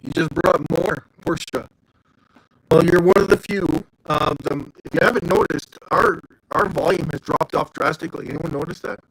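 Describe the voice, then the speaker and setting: A man's voice: fairly high pitch, moderate pace, a bit bright, no room sound, rough recording. A man hosting a casual livestream, chatting loosely and greeting viewers by name. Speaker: livestream host.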